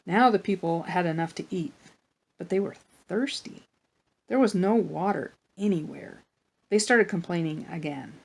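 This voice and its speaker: A woman reading a children's Bible story aloud for a church, in a plain, gentle storytelling manner with small asides. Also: fairly low pitch, normal speed, vocal fry, husky.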